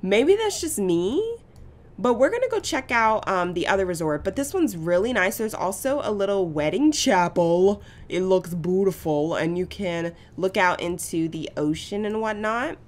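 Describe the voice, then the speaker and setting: A woman giving casual gameplay commentary as a channel host, chatty and gushing with excitement. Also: mid-range voice, normal speed. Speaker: gaming YouTuber.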